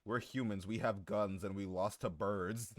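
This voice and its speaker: A man's voice: on the low side, steady tone, a little slow, no room sound, clean studio sound. A man live-streaming who chats casually with his viewers, joking, swearing and laughing often.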